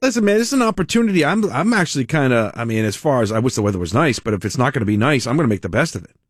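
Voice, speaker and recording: A man's voice: medium pitch, racing, dry recording, clean studio sound. A man hosting a talk radio show in a casual, chatty monologue, laughing as he talks. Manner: chatty, animated, laughs often. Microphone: studio mic.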